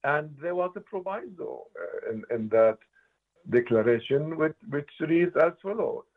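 A man's voice: fairly high pitch, lively intonation, measured pace. Older man on a tinny line. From Palestine. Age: 80s. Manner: emphatic, earnest, repeats words for stress. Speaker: interviewed writer and political analyst. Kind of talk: impassioned interview answers. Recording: tinny phone-line audio.

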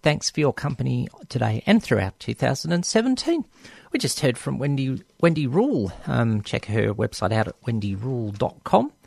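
A man's voice: mid-range voice, very animated, moderate pace, creaky, a little mellow, no echo. A man with an Australian accent hosting a community radio show in casual talk, hesitant and full of ums and restarts.

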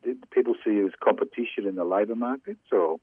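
An older man from Australia hosting a radio interview and asking his questions haltingly, with many fillers. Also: fairly low pitch, slightly rough, no room sound. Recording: dry phone-like line.

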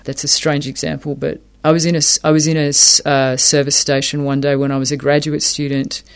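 A man's voice: fairly high pitch, completely flat delivery, brisk, creaky, smooth. A man explaining academic ideas in an interview, thoughtful, often repeating words as he works a point out.

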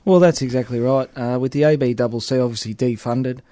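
An Australian man chats casually as a union organiser, padding his talk with stock fillers. His voice sits at an ordinary pitch. The recording is dry, with no room sound. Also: steady tone, a little fast, dark tone, dry recording. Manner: chatty, leans on fillers like "obviously" and "at the end of the day". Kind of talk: casual podcast chat.

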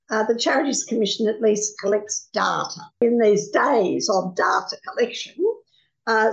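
A woman's voice: fairly high pitch, vocal fry, dull audio. A woman hosting a community radio talk program, chatty and loose with fillers. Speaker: radio host.

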